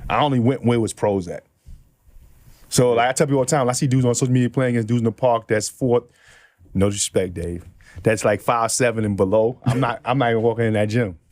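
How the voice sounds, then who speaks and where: Fast-talking New man telling stories. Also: medium pitch, no room sound, clean studio sound. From New York City. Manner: animated storyteller acting out quotes, laughs often. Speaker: podcast guest. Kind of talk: casual storytelling chat.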